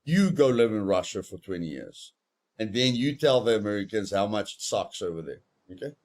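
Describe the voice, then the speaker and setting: A man's voice: lowish voice, very animated, normal speed, darkish tone. A man streaming a survival game, talking casually, rambling and joking in a mock-serious way. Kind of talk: casual gameplay chat.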